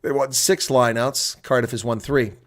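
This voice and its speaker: A middle-aged man calling a rugby match live from his own desk. He swings from loud, excited shouts at big plays to easy, rambling chat, reading viewer comments aloud. His voice sits at an ordinary middle pitch. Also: normal speed. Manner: erupts into loud excited shouts at big plays, then settles into chatty talk. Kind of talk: live play-by-play and color commentary.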